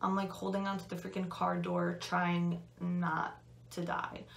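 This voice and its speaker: A woman's voice: lowish voice, monotone, measured pace, creaky, roomy sound, recorded from a distance, slight background noise. A young woman telling a personal story to camera in casual, chatty talk, swearing freely and filling with "like" and "um". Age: young adult. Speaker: vlogger. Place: at home.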